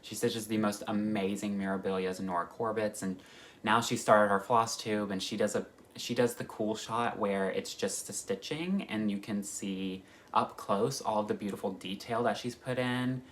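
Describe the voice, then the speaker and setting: A man chatting excitedly as a cross-stitch vlogger, gushing about his stitching kits in a casual way. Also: fairly low pitch, normal speed, a little hiss or hum. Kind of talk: casual chat.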